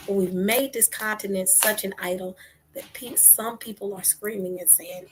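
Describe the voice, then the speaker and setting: A woman giving impassioned religious commentary, asking rhetorical questions and dropping into whispers between loud outbursts. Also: medium pitch, normal speed, slightly rough, rough recording. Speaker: online talk host.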